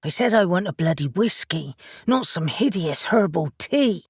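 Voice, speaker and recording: A woman's voice: fairly low pitch, expressive, normal speed, breathy edge, dry recording, studio quality. A woman reading the part of a stubborn young man who grumbles and swears in an audiobook. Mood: grumbling.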